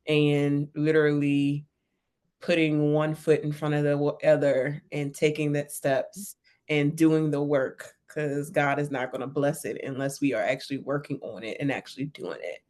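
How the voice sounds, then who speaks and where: A woman's voice: low-pitched, flat delivery, a little slow, darkish tone. A woman hosting a podcast, framing a question in an encouraging, faith-centered way. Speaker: podcast host. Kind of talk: interview question.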